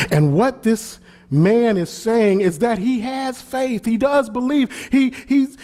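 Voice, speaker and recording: A man, the pastor, preaching a sermon with swelling emphasis and repeated phrases. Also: extremely high pitch.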